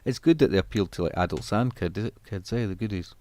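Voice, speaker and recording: A man with a very low, deep voice, chatting loosely to his stream viewers. His talk wanders from point to point, and he often breaks off and restarts mid-thought. The sound is dry and close, with no room echo. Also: fast, a little mellow. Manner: rambling, meandering, stops and restarts his thoughts. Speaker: music livestreamer. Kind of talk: casual chat to a stream audience.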